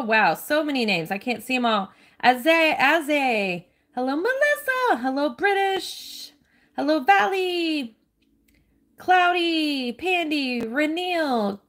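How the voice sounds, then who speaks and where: A woman's voice: high-pitched, a bit bright. A woman live streaming a kids' game, chatting casually, gushing over cute details and reading out viewers' names. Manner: apologetic, reads out chat names.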